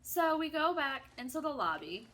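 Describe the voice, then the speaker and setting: A woman telling a casual, animated story while playing a video game, chatty and theatrical. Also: high-pitched, normal speed. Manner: chatty, animated, self-described drama kid. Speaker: gaming streamer.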